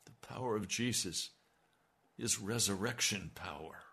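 Male pastor, sermon; slow and deliberate, husky tone, emphatic swells. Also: lowish voice, sharp tone. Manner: emphatic preaching, voice swelling on key lines.

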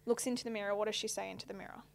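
A young woman hosting a casual podcast chat with friends, animated, often trailing off mid-sentence as she tells stories. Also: mid-range voice, rapid-fire, vocal fry, noisy background. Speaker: podcast host.

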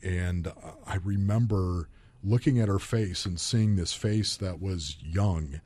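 Deep husky emotional man. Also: slow, mellow. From Buffalo, New York. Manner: openly emotional, earnest. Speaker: podcast guest, former football player. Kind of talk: candid personal storytelling.

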